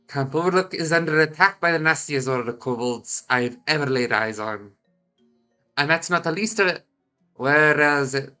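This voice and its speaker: A congested man reading a gruff sailor in a Scottish accent, with blustery old-fashioned seafarer talk. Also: medium pitch, bright, forceful tone, lightly acted. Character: gruff male sailor in a seaside camp.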